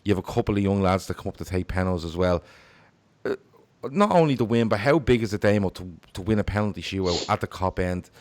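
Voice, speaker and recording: A man's voice: sits low, expressive, fast. A man hosting a casual football podcast, talking animatedly and reading out viewer comments. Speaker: podcast host.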